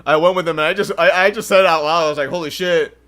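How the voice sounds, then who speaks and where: Animated, foul-mouthed young man telling stories. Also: on the high side, fast talker. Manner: animated, profane, laughs often. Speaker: podcast host. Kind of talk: casual storytelling. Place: home livestream setup.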